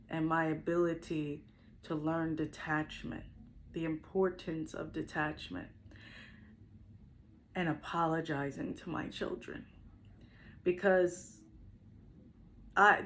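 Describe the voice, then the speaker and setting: Woman, middle-aged, spiritual healer, earnest personal testimony, reflective, repeats phrases, low voice, faint background hiss. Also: a bit bright, low-quality recording.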